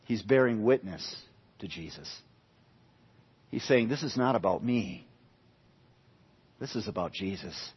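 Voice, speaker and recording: A man's voice: fairly low pitch, lively intonation, measured pace, pauses often, slightly rough. A man preaching an expository sermon, emphatic, repeating key phrases for stress. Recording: dull lo-fi sound with long hall reverb.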